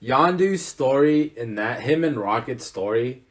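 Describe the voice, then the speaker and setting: A man's voice: medium pitch, animated, measured pace. A young man co-hosting a casual podcast, talking enthusiastically and rambling with lots of fillers. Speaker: podcast co-host. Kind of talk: casual chat.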